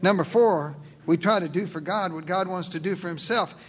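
A man's voice: sits high, normal speed, breathy edge. A male pastor preaching a sermon in a folksy, playful way, acting out the voices in his quotes.

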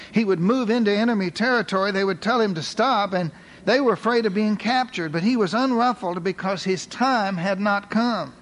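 A man preaching a sermon in an earnest way, putting questions to his listeners. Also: high voice.

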